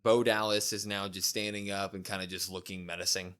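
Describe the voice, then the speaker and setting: Man recapping wrestling, lively. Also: sits low, a little fast, clear, resonant tone. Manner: retells scenes acting out quoted lines in lively voices. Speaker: podcast co-host. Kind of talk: casual wrestling recap chat.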